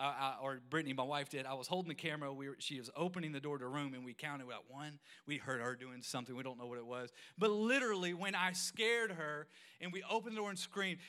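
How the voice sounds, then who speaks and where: A man in his thirties delivers a sermon as a string of lively family stories, his voice strikingly bright and forceful and pitched a touch high. He pokes fun at himself and breaks into sudden loud exclamations. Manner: animated, self-mocking, bursts of loud exclamation. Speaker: pastor. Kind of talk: storytelling sermon.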